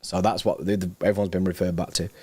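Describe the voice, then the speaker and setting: A man's voice: deep voice, quick pace, breathy edge, no room sound. Young guy streaming footy news, slangy and hyped, dry close sound. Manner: excitable, slangy, reads news aloud and riffs. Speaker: football livestream host. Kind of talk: casual livestream chat reacting to news.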